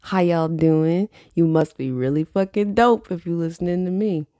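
A woman's voice: fairly low pitch, moderate pace, dark tone, no room sound, clean studio sound. A woman in her late twenties hosting her own podcast, chatting loosely with lots of swearing and laughter. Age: 20s. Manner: loose, profane, laughs often. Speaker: podcast host. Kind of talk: casual solo podcast chat.

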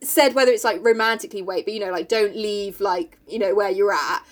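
A woman's voice: medium pitch, a little fast. A woman, co-hosting a casual chat and recapping a book in a chatty, sweary way, laughing often.

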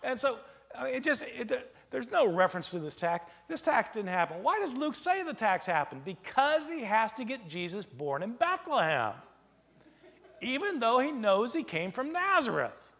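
A man lecturing in a high voice that swings widely in pitch. He talks in an animated way and keeps asking rhetorical questions. His words ring out with a long reverb, as in a big hall. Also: moderate pace, creaky. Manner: animated, rhetorical questions, plays out imagined exchanges. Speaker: lecturer on early Christian texts.

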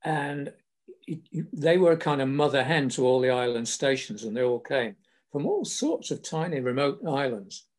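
A man's voice: medium pitch, animated, moderate pace, darkish tone. An older man with a southern English accent, telling stories from his working life in a chatty, anecdotal way with small laughs. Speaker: storyteller recalling his career. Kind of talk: casual spoken memoir.

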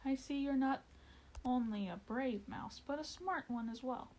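A woman's voice: sits high, a little slow, darkish tone, a little hiss or hum, low-quality recording. A woman voicing a smug, greedy male mole villain in a storybook reading, talking with his mouth full and snarling. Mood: gloating.

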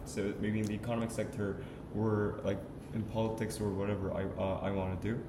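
A teenage boy co-hosting a student podcast, talking earnestly in casual chat with halting restarts. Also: fairly low pitch, fairly even intonation. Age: teens. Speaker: podcast co-host. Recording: echoey room with noise.

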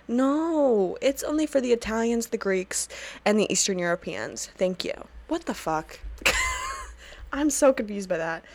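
A woman hosting a casual solo podcast, recapping a TV episode in an animated, sweary way and often breaking into laughter and rants. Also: medium pitch.

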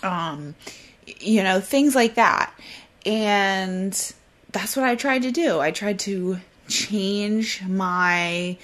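A woman hosting her own podcast in casual solo talk, a fast, excitable talker who tries to slow herself down. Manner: mimics flustered apologies in a high voice. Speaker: podcast host.

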